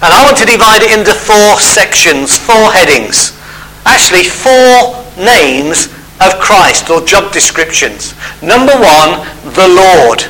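Man, sermon, conversational, step-by-step teaching, high pitch. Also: big pitch swings, slow, pushed and bright, slight background noise, low-quality recording. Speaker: preacher.

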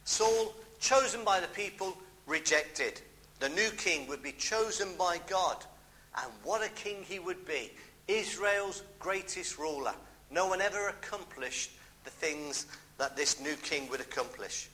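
A man's voice: high voice, expressive, measured pace, pushed and bright, rough recording. A middle-aged man with a British accent preaching a sermon, emphatic, repeating key phrases and adding homely asides.

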